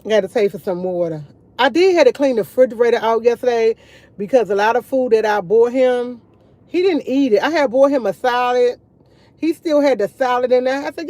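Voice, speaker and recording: A woman's voice: on the high side, brisk, a little mellow, no echo. A woman chatting casually to her viewers over morning coffee, rambling and repeating herself as she tells stories. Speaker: vlogger.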